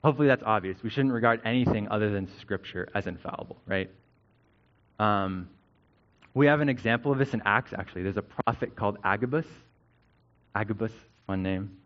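A man preaches to his church in a relaxed, conversational way, often pausing to ask "right?" as he explains. His voice sits fairly low. The recording sounds dull and lo-fi. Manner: conversational, often adds "right?" to check understanding. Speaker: pastor. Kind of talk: sermon teaching.

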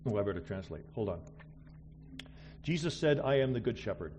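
A middle-aged man preaching a missionary sermon, swinging between loud exclamations and quiet asides. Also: fairly low pitch, expressive, brisk, pauses often, a little hiss or hum.

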